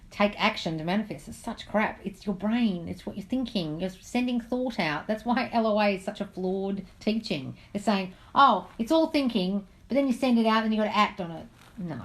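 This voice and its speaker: A woman's voice: fairly low pitch, poor audio. Woman, live-stream manifesting coach, casual and chatty, affectionate "darling" habit. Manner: chatty, calls listeners darling, reads comments aloud. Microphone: phone on a live stream.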